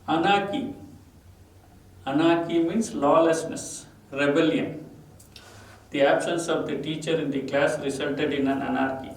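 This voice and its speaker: A man with an Indian English accent teaches a vocabulary lesson, repeating each word and its meaning with stress. His voice is a little high, fairly even and a bit slow, with long pauses. He sits far from the mic in an echoey room with faint ambient noise.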